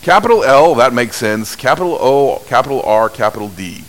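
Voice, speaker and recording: A man preaching a sermon, telling stories at an unhurried pace with big swings in pitch and loudness. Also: expressive, rough recording. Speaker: pastor.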